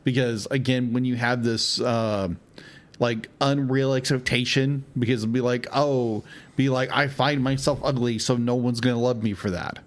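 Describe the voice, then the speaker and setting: A man's voice: mid-range voice, fairly even intonation, moderate pace. A man co-hosting a film podcast, talking casually and rambling, with many fillers and restarts. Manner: rambling, filler-heavy, repeats "be like" and "um". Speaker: podcast co-host. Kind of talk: casual chat.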